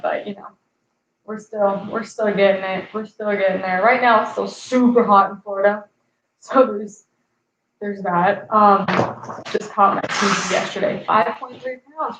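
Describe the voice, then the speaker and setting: A woman in her twenties hosts a fishing live stream, chatting casually, reading viewer comments aloud, and laughing at her own jokes. Her mid-range voice is a bit bright, with slight background noise. The live-stream audio is echoey and slightly dull.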